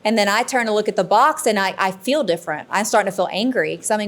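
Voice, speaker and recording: A woman, a paranormal investigator telling animated stories on a convention panel and acting out the quotes. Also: mid-range voice, fast talker. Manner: animated storyteller, acts out quotes.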